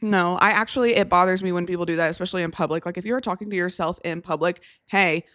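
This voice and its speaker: A woman co-hosting a podcast in casual chat, teasing and goofy and quick to laugh. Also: on the low side, steady tone, a bit bright, no echo, studio quality. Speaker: podcast co-host.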